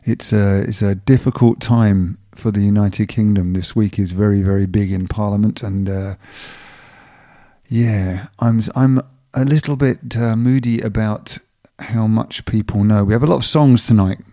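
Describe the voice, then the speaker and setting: A man's voice: fairly low pitch, steady tone, moderate pace, mellow, dry recording, studio quality. A man with a London accent co-hosting a radio music show, chatting casually and musing with lots of fillers.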